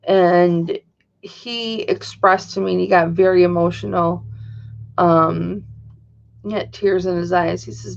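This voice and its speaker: A woman's voice: on the low side, steady tone, slow, vocal fry. Chatty woman on a dull lo-fi stream. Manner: chatty, rambling, reads and answers chat. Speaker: livestream host. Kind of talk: casual chat to a live audience.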